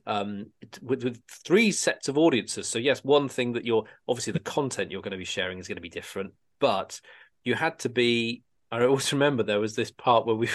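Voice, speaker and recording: A man co-hosting a podcast in casual chat, often halting and repeating words as he goes. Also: medium pitch. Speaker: podcast co-host.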